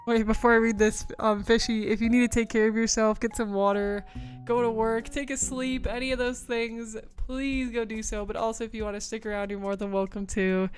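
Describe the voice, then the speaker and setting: A woman's voice: a little high, little pitch movement, a little fast, faint music behind. A woman streamer in casual livestream chat, bubbly and chatty as she reads out viewer messages and thanks them.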